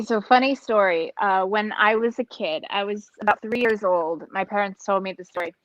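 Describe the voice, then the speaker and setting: A woman's voice: medium pitch, fairly bright tone, muffled recording, a little hiss or hum. A woman in casual chat, telling stories and swearing freely.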